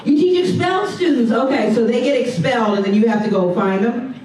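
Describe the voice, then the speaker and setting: A woman's voice: on the high side, brisk, distant mic, background noise. A woman doing stand-up comedy, chatting and riffing with the audience in a comedy club. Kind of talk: stand-up with crowd work. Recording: roomy club with audience laughter. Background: audience laughing.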